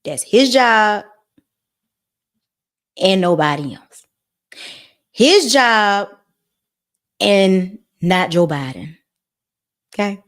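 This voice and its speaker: Woman host, casual money talk, bouncy pitch, folksy and animated. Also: drawn-out words, pauses often. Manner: animated, folksy, mock-quoting others in high voices. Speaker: mortgage commentator, channel host. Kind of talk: casual talk to camera about the economy.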